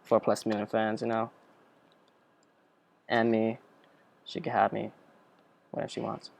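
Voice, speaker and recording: A young man giving a rambling, joking software tutorial as a student tutor, full of chatty asides. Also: fairly low pitch, completely flat delivery, unhurried, gravelly, pauses often, no room sound. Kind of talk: screen-recorded software tutorial.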